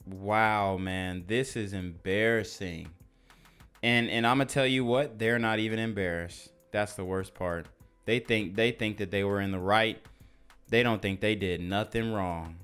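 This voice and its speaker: A man's voice: on the low side, measured pace, a bit bright, clear, resonant tone, soft background music. A man hosting a casual reaction commentary, blunt and slangy as he talks over news clips. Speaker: commentary channel host.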